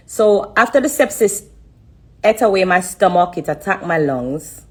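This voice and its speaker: A deep-voiced woman gives an emotional personal testimony on a live stream. She speaks haltingly, repeating herself, with many pauses and fillers.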